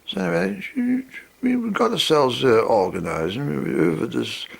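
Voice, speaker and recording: A man's voice: mid-range voice, animated, normal speed, vocal fry, breathy edge. A man telling a humorous personal anecdote in a rambling way, full of fillers and asides. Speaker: storyteller.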